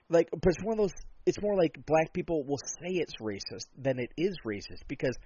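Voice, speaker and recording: A man's voice: a little high, darkish tone, breathy edge. A man co-hosting a podcast in casual chat, talking bluntly and sarcastically in long rambling turns. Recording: dull lo-fi sound.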